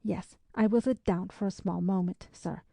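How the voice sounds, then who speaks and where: Nervous young Spanish woman on the road, hesitant and fearful; dry, gravelly read; woman narrator voicing her. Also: medium pitch, fairly even intonation, moderate pace, mellow, dry recording. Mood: anxious. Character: anxious young Spanish woman traveller, lame and frightened.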